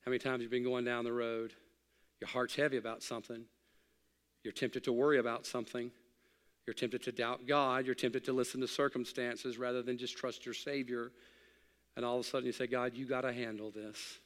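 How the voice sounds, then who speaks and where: A middle-aged man preaching a sermon as pastor, swinging from loud, excited exhortation to hushed, quiet reflection. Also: medium pitch, a little fast, big-room sound.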